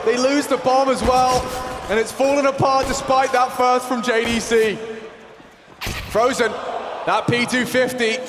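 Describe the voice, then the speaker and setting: A man calling esports play-by-play, with rapid, excitable calls that rise into shouts. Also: very high voice, roomy sound, in a large hall, crowd noise. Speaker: play-by-play caster. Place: arena broadcast desk.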